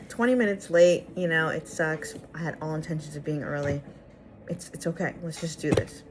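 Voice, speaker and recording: A woman's voice: sits low, moderate pace, noisy background. A young woman vlogger telling a personal story casually, acting out the dialogue with exasperated asides. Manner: animated, acts out the dialogue.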